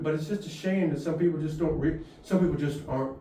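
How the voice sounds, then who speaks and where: A man's voice: a little high, quick pace, warm tone. A man, telling long rambling stories as a guest and laughing often. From Houston, Texas. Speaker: guest musician. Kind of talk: storytelling in conversation. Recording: echoey room, far from mic, faint noise.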